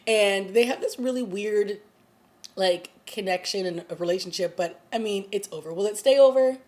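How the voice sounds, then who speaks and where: A woman's voice: mid-range voice, moderate pace, a little mellow. A woman vlogger giving a casual, chatty recap of a TV episode, full of fillers as she retells the plot. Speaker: TV review vlogger.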